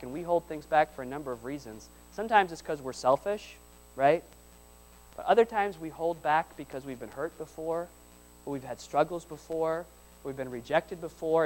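A man with a fairly high voice preaches a sermon to his church congregation. His delivery swings from hushed asides to loud, driving repetitions that climb in force. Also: low-quality recording. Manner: builds repeated lines into loud emphatic peaks; drops to soft, quiet asides between peaks. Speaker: pastor. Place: church service before a congregation.

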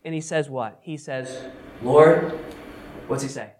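A man teaching the Bible to a group in a relaxed, chatty manner. He keeps throwing questions out to the room and pokes fun at himself along the way. His voice sits at an ordinary middle pitch. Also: moderate pace, a little hiss or hum. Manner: conversational, asks the audience questions, self-deprecating asides. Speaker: pastor teaching a Bible study. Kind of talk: casual interactive Bible teaching.

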